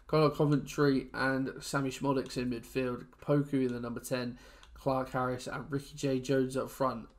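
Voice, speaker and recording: A young man from England talks over a football video game in loose, rambling commentary. His mid-pitched voice swings between low, glum muttering and loud, excited outbursts as the match turns. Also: normal speed, few pauses. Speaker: gaming YouTuber. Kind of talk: casual gameplay commentary.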